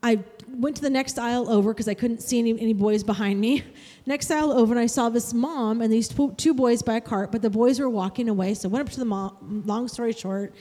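Rich A woman with a mellow, warm voice tells a faith testimony in an earnest, chatty way. Her words ring out with a long reverb, as if she were recorded in a large hall. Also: fairly high pitch, brisk. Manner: earnest, chatty, with restarts and soft laughs. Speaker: guest sharing a testimony. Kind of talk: casual testimony storytelling.

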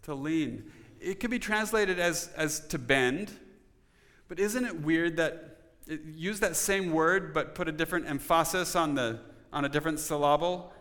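A man's voice: on the high side, moderate pace, a bit bright, in a large hall. A man preaching a sermon in an earnest, conversational way, now and then putting questions to his congregation. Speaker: pastor.

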